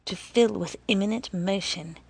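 A woman narrating a story in a measured, deliberate reading with a husky voice. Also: medium pitch, no room sound.

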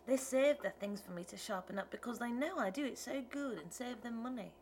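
A woman's voice: a little high, lively intonation, fairly quick, darkish tone, slight background noise, voice pushed up. A woman reading an audiobook, voicing a wandering male tinker who talks in a rustic, ungrammatical, wheedling way. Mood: whining. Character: folksy wandering male tinker, pleading salesman.

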